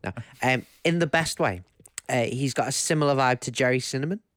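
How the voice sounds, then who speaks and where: Chatty male podcast co-host with a Liverpool accent, smooth mid voice. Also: medium pitch, brisk, a bit bright, dry recording, clean studio sound. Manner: joking, teasing, chatty. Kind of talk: casual podcast chat.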